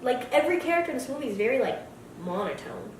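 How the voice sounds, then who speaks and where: Talking fast in a high voice, a woman co-hosting a movie review podcast gives her blunt, strongly opinionated takes in casual chat, livened up with mock voices. There's slight background noise, and the echoey room and distant mic are audible.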